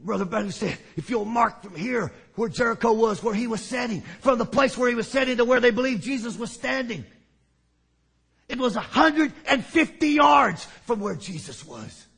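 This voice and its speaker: Male preacher, sermon storytelling, very high voice, gravelly, shouts for emphasis. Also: expressive, normal speed. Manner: dramatic, often shouting for emphasis.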